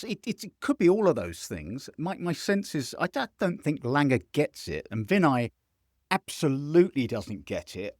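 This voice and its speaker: A man hosting a casual football podcast over a video call, animated and sweary, often slipping into mimicry. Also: mid-range voice, dry recording, clean studio sound. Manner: animated, sweary, mimics others in put-on voices. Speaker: podcast host. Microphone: video call mic.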